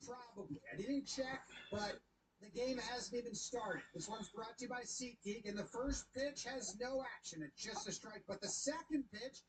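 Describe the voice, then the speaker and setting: A woman giving casual commentary on a video clip, animated and swearing, often slipping into voices. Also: a little high, normal speed, crowd noise, poor audio.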